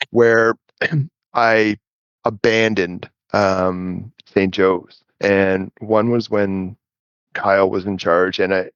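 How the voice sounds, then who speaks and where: A low-pitched man speaks as an interview guest, rambling through a long story with many restarts and frequent chuckles. The audio is dry and a little dull, like a lo-fi online call. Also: dry recording. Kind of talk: casual storytelling chat.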